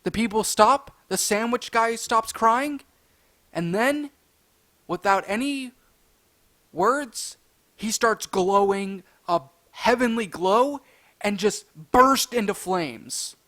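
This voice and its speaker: A man telling a casual storytime tale, animated and excitable, breaking into loud high outbursts. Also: takes it slowly.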